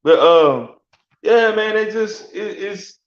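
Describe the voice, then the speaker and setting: Here the Alabama sports talk host speaks slowly, his high voice full of lively intonation. He rants casually in a loose, slangy, rambling style, laughing frequently. The sound is lo-fi and dull, recorded in an echoey room.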